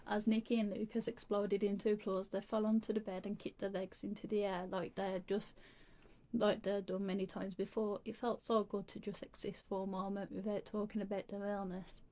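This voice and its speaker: A woman's voice: medium pitch, little pitch movement, brisk, warm tone. A woman reading a creepy story aloud, stumbling and restarting often.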